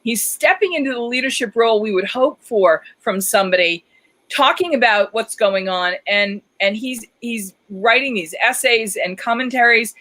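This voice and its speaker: A woman's voice: on the high side, moderate pace, fairly bright tone, poor audio. A woman hosting a live talk show, chatting in a theatrical, enthusiastic way. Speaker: show host.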